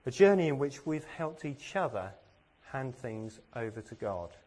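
A man's voice: medium pitch, very animated, unhurried, a little mellow, breathy edge. A man from England giving a sermon, earnest and self-deprecating, with plenty of rhetorical questions. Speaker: preacher.

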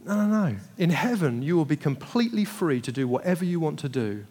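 A man preaching as a pastor, animated and acting out family dialogue with laughter. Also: fairly high pitch, fairly quick. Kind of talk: sermon. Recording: long hall reverb.

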